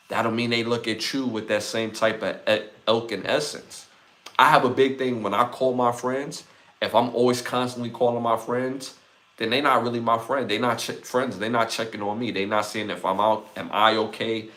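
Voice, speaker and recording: Low-voiced man in his forties musing. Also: fairly bright tone. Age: 40s. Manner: reflective, conversational, talks things through with "like" and "right?". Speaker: podcast host. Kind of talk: casual solo podcast talk.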